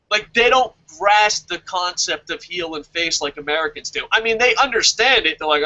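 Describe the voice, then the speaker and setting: A man co-hosting a wrestling podcast, talking excitedly in casual chat, swearing constantly and laughing often. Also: high voice, fast talker, few pauses, highs cut off. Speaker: podcast co-host reviewing a wrestling show. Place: lives in Japan.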